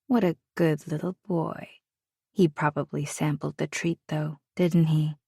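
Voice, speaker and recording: A woman's voice: sits low, fairly even intonation, measured pace, gravelly, mellow, slightly rough, dry recording, studio quality, full character voice. A woman voicing a cold, sneering, wealthy middle-aged wife in an audiobook, with a mocking, scornful drawl.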